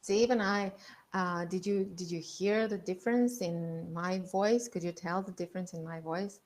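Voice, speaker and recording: A woman leadership coach leading an online masterclass, calmly guiding listeners through breathing exercises and repeating her points. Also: on the low side, moderate pace.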